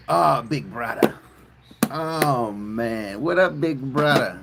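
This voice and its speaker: A man from South Mississippi with a Southern American accent, chatting excitably with viewers on a live stream and swearing freely. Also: mid-range voice, slow, vocal fry, background noise. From South Mississippi, USA.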